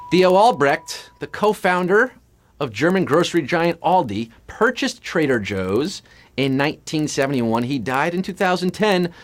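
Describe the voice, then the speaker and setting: A man hosting a live trivia game, reading questions and cracking puns and jokes between answers. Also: sits high. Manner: punning, joking, reads questions briskly. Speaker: quiz show host. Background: music.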